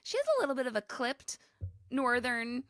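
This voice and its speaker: Giggly chatty woman cohost, bright tense voice, dry close sound. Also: fairly high pitch, lively intonation, moderate pace, no echo. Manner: chatty and giggly, rambling with restarts. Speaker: podcast co-host. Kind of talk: casual chat.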